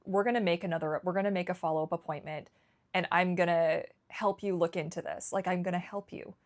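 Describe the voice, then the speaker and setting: Canadian woman vlogging, kinda low voice, emotional, rambly, keeps restarting. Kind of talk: candid personal vlog.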